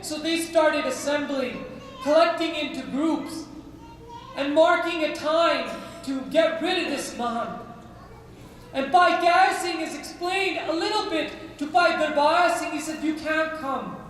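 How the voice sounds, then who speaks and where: A man with a very high voice preaches slowly and deliberately, telling a story to his congregation. He speaks with passion and keeps turning to address them directly. His voice rings through a big hall, with a long reverb trailing every phrase. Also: fairly bright tone, slight background noise. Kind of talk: storytelling sermon.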